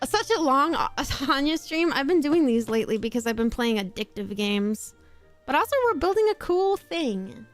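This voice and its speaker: A woman's voice: high-pitched, expressive, moderate pace. A young woman from Australia streaming a game, chatting in a rambling way and reading chat aloud, with casual swearing and frequent laughs. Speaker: VTuber streamer. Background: faint background music.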